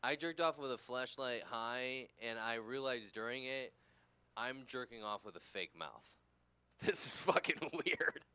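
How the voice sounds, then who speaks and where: A man's voice: medium pitch, lively intonation, measured pace, pushed and bright, clear, resonant tone. A tired, tipsy man from California doing a rambling, crude, self-deprecating stand-up set. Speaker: stand-up comedian.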